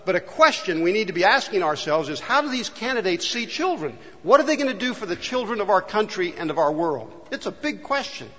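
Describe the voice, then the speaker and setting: A man's voice: sits high, sing-song, fast, few pauses, bright, forceful tone. A man from California preaching a sermon, earnestly asking the congregation rhetorical questions. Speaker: pastor. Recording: dull, long reverb in a hall.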